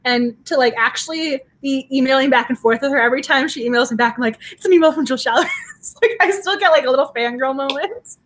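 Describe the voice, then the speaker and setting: A woman's voice: sits high, fast, a bit bright. A woman co-hosting a book club livestream, giggly and effusive, rambling with restarts as she chats. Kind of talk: casual chat.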